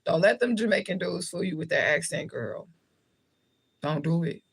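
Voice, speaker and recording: A woman's voice: lowish voice, animated, moderate pace, gravelly, breathy edge. A woman hosting a livestream, chatting casually and answering viewer comments in a blunt, heavily profane, jokey way with frequent laughter. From United States. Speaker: livestream host, spiritual reader.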